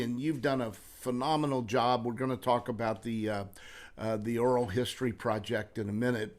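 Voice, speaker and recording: An older man hosting a podcast interview, telling stories and laughing often. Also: medium pitch. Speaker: podcast host. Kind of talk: casual interview chat.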